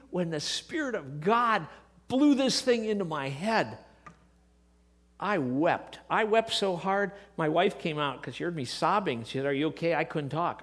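A middle-aged man with a fairly high voice preaches a sermon. He shifts between quiet, hushed passages and emotional, impassioned outbursts.

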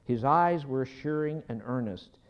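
A man preaching a sermon, telling a personal story slowly and dropping at times to a hushed whisper before leading a prayer. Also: medium pitch. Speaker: pastor. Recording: dull sound in a hall with long reverb.

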